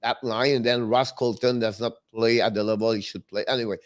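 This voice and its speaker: A man co-hosting a hockey talk show, speaking as a with halting phrasing and frequent restarts. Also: medium pitch, fairly even intonation. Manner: halting, restarts phrases, non-native grammar. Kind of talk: casual sports talk.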